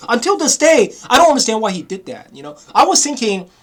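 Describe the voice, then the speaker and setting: A man's voice: very high voice, very animated, fast talker, a bit bright. A man ranting angrily in a casual monologue, swearing often and repeating himself with frequent "you know?" asides. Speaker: vlogger.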